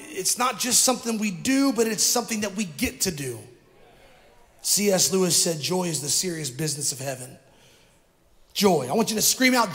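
A middle-aged male pastor delivering an energetic sermon and calling on the congregation to repeat words after him. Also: sits high, a little hiss or hum. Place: church sanctuary. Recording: long hall reverb from a church.

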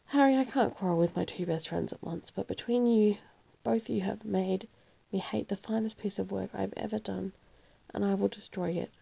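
Earnest devoted painter read by a woman, husky with a gravelly edge, storybook reading. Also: medium pitch, normal speed, mellow. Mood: pleading. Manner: earnest, pleading.

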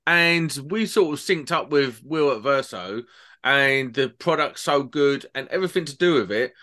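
A man's voice: mid-range voice, animated, moderate pace, bright, forceful tone. A man co-hosting a podcast, chatting casually in a matter-of-fact way. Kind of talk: casual chat.

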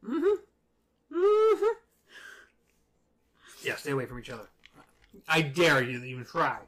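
A podcast co-host in casual chat about a book, making quick, joking asides. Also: medium pitch, sharp tone.

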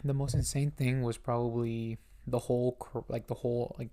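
A young man from Southern California, co-hosting a casual podcast, excitable and swearing a lot, with frequent "like". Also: mid-range voice, moderate pace, no room sound. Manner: excitable, heavy swearing, lots of "like". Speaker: podcast co-host. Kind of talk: casual chat.

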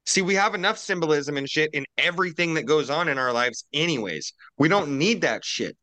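A man's voice: on the high side, animated, fairly quick, bright, forceful tone, no echo. A man on a casual roundtable podcast, ranting profanely and animatedly while drinking.

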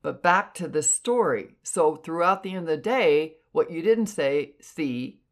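A woman clairvoyant telling stories in an animated, expressive way. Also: unhurried. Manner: animated, expressive, jumps in pitch for emphasis. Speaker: clairvoyant podcast guest. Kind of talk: casual storytelling.

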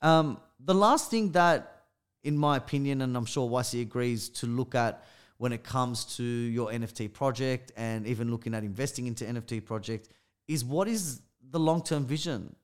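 A man's voice: medium pitch, normal speed, clean tone. A man with an Australian accent co-hosting a casual podcast, talking emphatically and often addressing listeners directly. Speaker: podcast co-host.

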